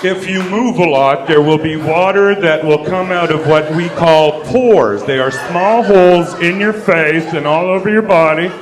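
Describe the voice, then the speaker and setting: A man's voice: fairly high pitch, measured pace, hardly any pauses, a crowd in the background, lightly acted. A man voicing a condescending male fitness trainer who talks down to the listener, in a stand-up bit. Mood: mocking. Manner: condescending, mock-explaining. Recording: echoey club with background noise.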